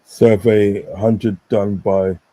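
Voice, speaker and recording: A man's voice: fairly low pitch, level tone, drawn-out words, warm tone, low-quality recording. Blunt man on a stream. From English Midlands. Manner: blunt, opinionated, reads viewer comments aloud. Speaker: stream host. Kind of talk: casual live stream chat.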